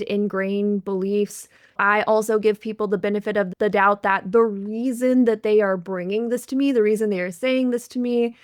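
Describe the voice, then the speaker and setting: A woman podcast host and relationship coach in casual chat, telling a story in a lively way, often speeding up and laughing easily. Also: medium pitch, no echo, clean studio sound.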